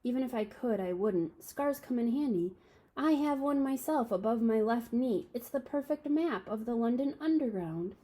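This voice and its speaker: Woman reading wise old wizard man, calm, wry, gentle, mellow, breathy. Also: fairly high pitch, moderate pace, pitched above the performer's own voice.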